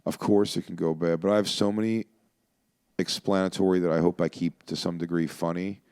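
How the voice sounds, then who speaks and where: A man with a very low, smooth and resonant voice, telling stories on a podcast in a rambling, animated way. The sound is dry and close, with no room around it. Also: fairly quick, no echo. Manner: rambling, animated storyteller with restarts. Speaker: comedian guest. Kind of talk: casual podcast chat.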